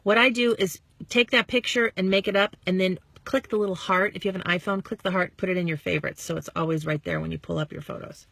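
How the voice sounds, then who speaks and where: Woman, 30s, upbeat sales coach, chatty, mid-pitched, dry close recording. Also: steady tone, gravelly, a bit bright, no echo. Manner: bubbly, chatty, acts out quick quoted dialogue. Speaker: network marketing coach. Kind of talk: casual motivational talk to followers.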